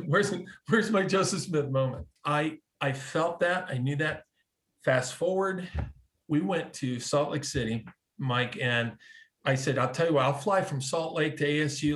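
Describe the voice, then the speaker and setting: Animated storytelling man, slightly high voice. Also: normal speed. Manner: animated, acts out quoted dialogue, frequent restarts. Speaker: guest telling a conversion story. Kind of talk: casual storytelling.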